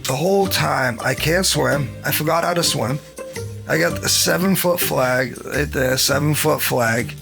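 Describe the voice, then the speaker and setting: A man, telling his story in a documentary interview, animated and acting out the voices of people in it. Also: on the high side, a little slow, gravelly. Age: 50s. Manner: animated, acts out quoted dialogue, chuckles between beats. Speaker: interviewee, former champion. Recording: soft music bed under the voice.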